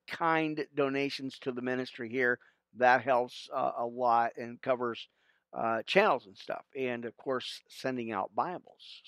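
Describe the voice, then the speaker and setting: A man's voice: mid-range voice, fairly bright tone, no echo. A man, a pastor hosting his own podcast livestream, chatting casually and rambling with lots of fillers and restarts.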